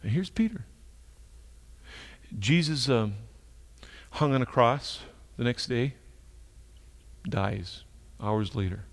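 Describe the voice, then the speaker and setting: Retelling a story during his sermon, this male pastor speaks in an animated, mid-range voice. His delivery shifts from quiet, slow stretches to forceful, emphatic moments.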